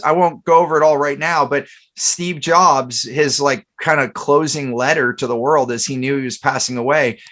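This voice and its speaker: A man's voice: fairly high pitch, fairly bright tone. A man hosting a casual podcast chat, telling stories in a rambling way with many fillers and restarts. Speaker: podcast host.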